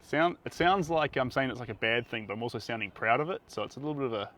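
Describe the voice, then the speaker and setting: A man's voice: mid-range voice, quick pace, a bit bright. A man with a New Zealand accent chatting casually to his viewers as he paints, rambling from one thought to the next. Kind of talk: live painting stream chat. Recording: outdoor noise with passing traffic. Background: outdoor ambience and vehicles.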